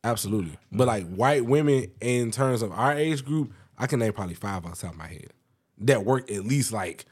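A man's voice: fairly quick, breathy edge. A young man casually telling work stories on a podcast, loose and profane. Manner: laid-back storytelling, profane, lively pitch. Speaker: podcast co-host. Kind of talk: casual chat.

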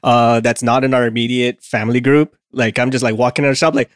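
A man's voice: medium pitch, level tone, fast talker, dry recording. Podcast host guy, jokey and loose, kinda sweary, dry close sound. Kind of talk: casual chat.

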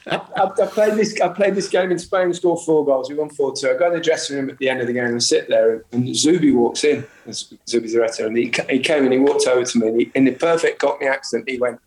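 A man from England, a former footballer, telling relaxed anecdotes in a casual chat, chuckling and restarting his sentences. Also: mid-range voice, fast. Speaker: interview guest, former footballer. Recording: roomy sound with faint background noise.

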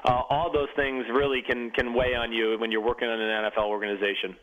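Animated male storyteller, dull lo-fi sound. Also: medium pitch, fast. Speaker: guest, former pro football player. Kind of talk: storytelling in casual chat.

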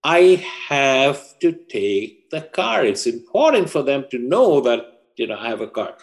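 A man doing a pleading teenage boy, pitched up. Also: animated, a little slow. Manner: begging, insistent.

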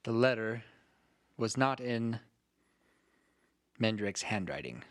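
A man hosting a tabletop game as game master, explaining the story in a playful, unhurried way. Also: on the low side, very animated, no echo, clean studio sound. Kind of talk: casual tabletop game chat.

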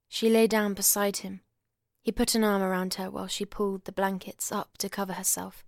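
A woman's voice: mid-range voice, flat delivery, moderate pace, no echo. Woman reading a novel, dry close sound. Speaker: audiobook reader.

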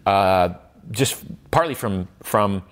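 A man's voice: on the low side, slow pace. An older man, a guest in an interview, talking reflectively with many restarts and fillers, his voice lifting when he stresses a point. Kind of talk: conversational interview.

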